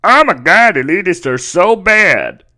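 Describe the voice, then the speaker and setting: A man putting on a slow, drawling mock impression of a smug rich older woman politician. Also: high voice, sing-song, pushed and bright, full character voice.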